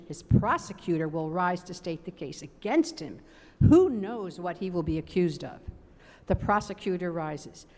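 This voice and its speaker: A woman giving a measured, expressive dramatic reading of a story, stressing its repetitions, in a large synagogue sanctuary. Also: on the low side. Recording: long reverb of a large sanctuary.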